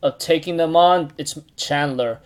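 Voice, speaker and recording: A stern young male demon prince voiced by a man gives orders in a flat, commanding manner. The voice is casual and a touch high. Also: a little slow, smooth, natural voice. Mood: calm.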